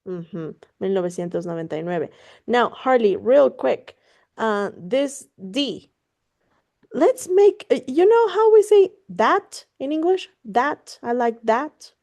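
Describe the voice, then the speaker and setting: A woman teaches Spanish one-on-one on a video call. Her voice sits fairly high and she speaks slowly. She explains in relaxed English peppered with Spanish, encourages her student often, and curses casually. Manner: casual, encouraging, swears offhandedly, laughs easily. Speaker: Spanish tutor. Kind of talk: online one-on-one language lesson.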